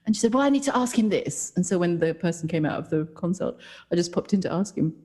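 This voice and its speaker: Husky woman telling stories, laughing. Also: fairly low pitch, quick pace. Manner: animated storytelling, laughs often, acts out quoted voices. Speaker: podcast co-host. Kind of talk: casual chat.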